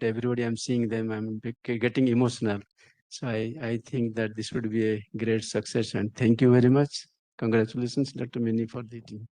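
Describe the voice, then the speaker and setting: An older man with an Indian English accent giving a halting, emotional speech at a ceremony. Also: mid-range voice, level tone, warm tone, no room sound. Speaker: senior professor giving a speech.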